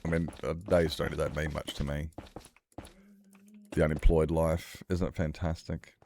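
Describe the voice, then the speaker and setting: A man's voice: a bass voice, level tone, normal speed, a little mellow, slight background noise. A man streaming a game, rambling in casual chat with his viewers, swearing freely and laughing often.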